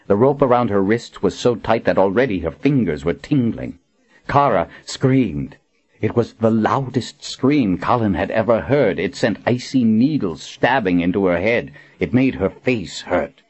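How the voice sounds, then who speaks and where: A man narrating a dark fantasy audiobook with a dramatic, expressive reading. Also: on the low side, husky, dull audio.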